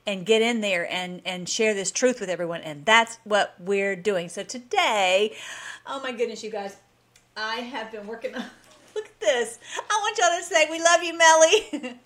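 A woman's voice: mid-range voice, fairly bright tone. A woman hosting a casual commentary vlog. She talks enthusiastically and rambles, with frequent restarts. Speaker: host.

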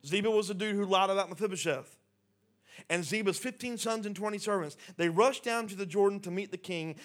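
Male pastor, slightly high pitch, conversational sermon delivery with soft intimate drops. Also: fairly quick. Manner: conversational preaching, drops to soft intimate tones then builds.

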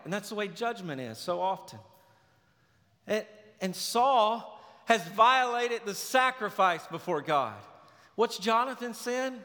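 A man preaching a sermon, animated and acting out the characters in sarcastic voices. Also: high voice, slow pace. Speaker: pastor. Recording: long reverb of a large hall.

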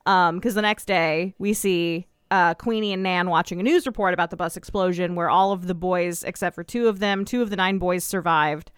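A woman co-hosting a casual recap podcast, chatty and quick to laugh, swearing casually. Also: fairly low pitch, fairly bright tone, clean tone, no room sound. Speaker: podcast co-host.

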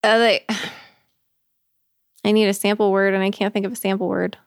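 A woman's voice: medium pitch, little pitch movement, measured pace, creaky, smooth, dry recording, studio quality. A young woman co-hosting a podcast in casual chat, laughing often and sighing as she hunts for words. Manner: chatty, laughs often, sighs when searching for words. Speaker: podcast co-host.

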